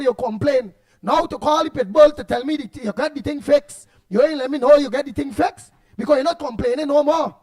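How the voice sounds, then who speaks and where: A man's voice: extremely high pitch, a little mellow. A man with a Trinidadian accent hosting a radio show, chatting casually and reading out listener comments with laughs and repeated words.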